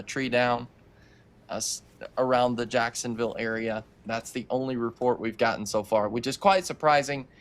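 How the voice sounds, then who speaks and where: A man co-hosting a live weather stream, giving relaxed, plain updates on new storm warnings. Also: mid-range voice.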